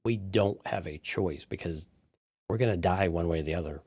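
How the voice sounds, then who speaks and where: A man's voice: deep voice, moderate pace, a little mellow, dry recording. A man co-hosting a podcast, casually talking through a TV episode and building his point step by step. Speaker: podcast co-host. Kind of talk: casual episode breakdown chat.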